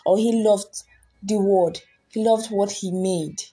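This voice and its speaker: A woman delivers a sermon in a warm, mellow, slightly husky voice. She speaks earnestly, circling back on her words and putting rhetorical questions to her listeners. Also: mid-range voice, steady tone, takes it slowly. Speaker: preacher.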